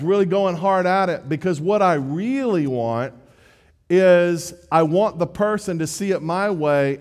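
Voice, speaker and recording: This male preacher speaks in a high voice with a somewhat dark tone, keeping his sermon conversational and self-mocking while often starting sentences over. A long reverb from the hall surrounds him.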